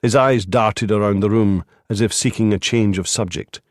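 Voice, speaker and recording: A male audiobook narrator telling a crime story in a measured, steady manner. His voice sits low, recorded close on a dry studio mic. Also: no echo. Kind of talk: scripted narration.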